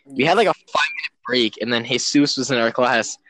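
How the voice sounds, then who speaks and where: A man's voice: mid-range voice, brisk, fairly bright tone, no echo, rough recording. A teenage boy hosts a casual podcast with his friends. He tells stories in a loose, rambling way. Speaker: podcast host. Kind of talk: casual chat.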